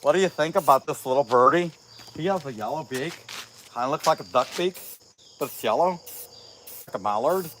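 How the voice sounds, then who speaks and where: A middle-aged man talks easily to his stream audience as he works, reading their comments aloud. His voice sits a bit high for a man and sounds sniffly from a cold. Faint crickets and insects carry in from outdoors. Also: lively intonation, brisk, pauses often, a bit bright, slight background noise. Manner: laid-back, chatty, reads viewer comments aloud. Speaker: chainsaw carver streaming live. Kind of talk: casual livestream chat while working.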